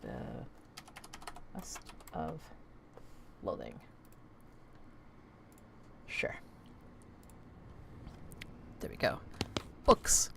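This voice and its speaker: A woman's voice: deep voice, wildly swooping pitch, extremely slow, vocal fry, long pauses, background noise. A woman streaming a video game, reading its text aloud with playful, wry asides in casual commentary. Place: home streaming setup. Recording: game music playing behind the voice.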